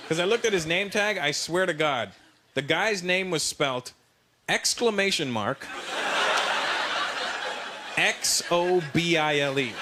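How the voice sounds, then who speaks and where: Animated stand-up comedian, loud crowd. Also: male voice, a little high, slow pace, long pauses, background noise. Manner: animated, loud, mimicking voices. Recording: live show with loud crowd.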